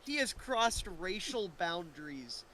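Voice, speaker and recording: A man's voice: high-pitched, very animated, slow pace, heavy background noise. A man co-hosting a podcast, chatting casually and joking with friends, swearing freely. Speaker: podcast co-host. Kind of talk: casual chat.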